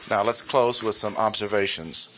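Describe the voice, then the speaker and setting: A man's voice: on the low side, moderate pace, a bit bright, a little hiss or hum. Emphatic preacher, man, repeating key points. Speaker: pastor. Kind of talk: sermon.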